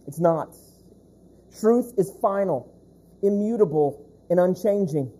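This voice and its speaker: Preaching with a high, expressive, warm and husky voice, this pastor drives his sermon home emphatically. He repeats key phrases, slows to underline points and questions the congregation directly.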